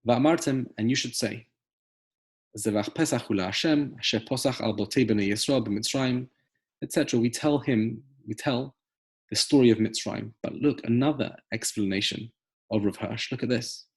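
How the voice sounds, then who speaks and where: A man's voice: medium pitch, moderate pace, husky. A man teaching a close reading of a scriptural text, emphatic and explaining step by step with rhetorical questions. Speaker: Torah teacher. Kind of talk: text study lesson.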